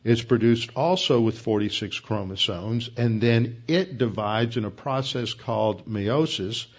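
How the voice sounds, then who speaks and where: A man giving an expository Bible teaching, explaining verse by verse in a methodical way with frequent pauses. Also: mid-range voice, slightly rough, highs cut off. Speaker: preacher.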